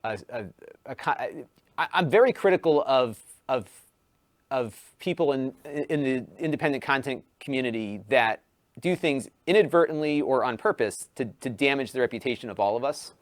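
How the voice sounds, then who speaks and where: A man who hosts a YouTube tech channel, talking through a casual podcast conversation in an animated way, full of restarts, and lifting his voice for quoted lines. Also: medium pitch, normal speed, no room sound.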